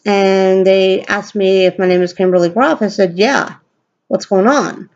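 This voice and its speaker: A woman telling a story to a camera at home, blunt and profane, acting out quoted lines in a higher voice. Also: steady tone, measured pace, a little mellow, dull audio. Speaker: vlogger. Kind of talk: casual storytelling rant.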